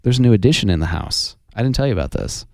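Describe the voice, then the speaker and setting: A man co-hosting a podcast, cracking dry deadpan jokes in casual chat. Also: on the low side, fast talker, creaky. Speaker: podcast co-host.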